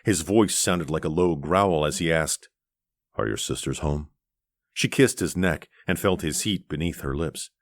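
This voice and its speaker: A man reading an audiobook aloud in a measured, gentle narration on a close studio mic. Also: sits low, no echo.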